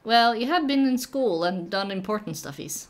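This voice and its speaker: A young woman whose first language is Norwegian hosts a relaxed live stream, chatting in a playful, giggly way. She often stops, restarts and fills gaps with little sounds. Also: medium pitch. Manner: giggly, playful, halting with fillers. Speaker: stream host. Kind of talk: casual chat.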